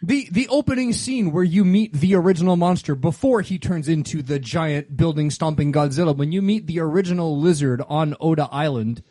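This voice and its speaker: A man hosting a casual podcast, joking and quick with puns. His voice sits on the high side for a man. It is recorded close and completely dry. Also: mellow, no room sound. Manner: joking, tells dad jokes and laughs at them. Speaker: podcast host. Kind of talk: casual chat.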